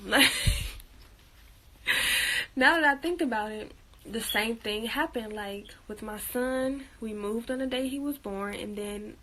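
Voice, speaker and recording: A woman's voice: medium pitch, fairly bright tone, a little hiss or hum, low-quality recording. A young woman vlogging at home in a casual chat, with lots of fillers and frequent laughs, talking while she works on a craft. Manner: chatty, laughs often, many fillers.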